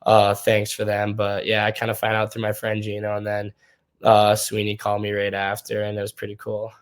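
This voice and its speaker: Low, flat-voiced young man. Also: fairly quick, clean tone. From Minnesota. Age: young adult. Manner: relaxed, loose storytelling with many fillers. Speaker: hockey prospect guest. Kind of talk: casual interview answers.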